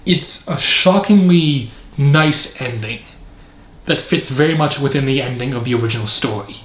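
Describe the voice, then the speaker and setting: A Canadian man with a medium-pitched voice reviews a film at a moderate pace, recorded in an echoey room. His commentary is casual, rambling, and opinionated, peppered with frequent fillers.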